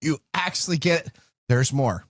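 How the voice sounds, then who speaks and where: A man's voice: medium pitch, expressive, unhurried, dry recording, clean studio sound. A man hosting a tech and whiskey radio talk show, reading news items with jokes and laughing often. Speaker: host. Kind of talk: casual radio banter.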